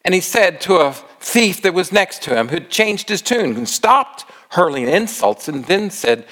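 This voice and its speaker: A man preaching a dramatic sermon, retelling the story with emotive storytelling that slows down and then suddenly rises. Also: fairly high pitch, big pitch swings, a bit bright.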